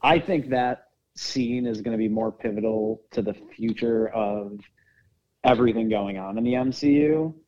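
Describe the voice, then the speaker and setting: A man's voice: on the low side, moderate pace, lo-fi sound. A man co-hosting a podcast in casual chat, explaining his theories at length and thinking aloud. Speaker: podcast co-host.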